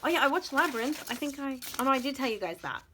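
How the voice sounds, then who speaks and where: A woman's voice: high voice, expressive, quick pace, heavy background noise. A young woman chatting casually to camera, rambling and incredulous, with laughing asides. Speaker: vlogger.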